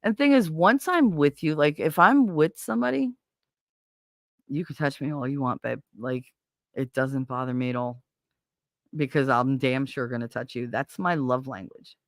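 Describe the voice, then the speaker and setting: At a normal speed and medium pitch, a livestream host tells stories to a live audience in a blunt, animated, profane way. The chat is casual, and the sound is studio quality with no echo.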